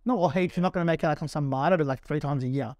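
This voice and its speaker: A man's voice: fairly high pitch, rapid-fire, darkish tone, no echo. An Australian man, a business owner on a podcast, talking bluntly and swearing freely in casual chat.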